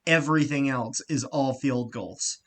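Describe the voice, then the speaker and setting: Animated, profane male sports podcaster. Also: medium pitch, measured pace. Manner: animated, swears freely, gets loud and excited; frequent fillers and restarts. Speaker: podcast co-host. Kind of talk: casual sports chat.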